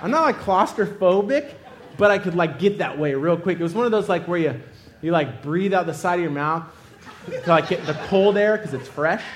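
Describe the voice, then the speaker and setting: A man's voice: high voice, lively intonation, brisk, echoey room. A young man preaching, telling a funny personal story with lots of laughter before turning it to a lesson. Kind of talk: sermon with comic personal story.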